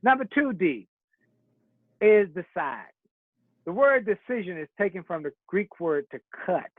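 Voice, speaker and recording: A man delivers a motivational keynote, telling stories in a preacherly rhythm punctuated by rhymed slogans. His high voice has lively intonation and an unhurried pace. The recording is dry and tinny, like phone audio.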